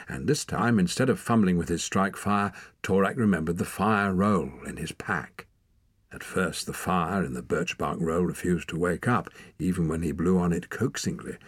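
Deep husky male storyteller. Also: no echo. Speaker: audiobook narrator. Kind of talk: scripted narration.

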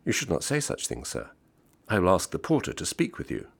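A man reading aloud voices a young Swiss waitress in a station cafe, formal and polite, whose English is a foreign tongue, in a husky, creaky, deep voice. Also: huge pitch swings, a little fast, exaggerated voice. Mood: politely refusing. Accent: speaks English as a foreign tongue. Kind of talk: audiobook reading.

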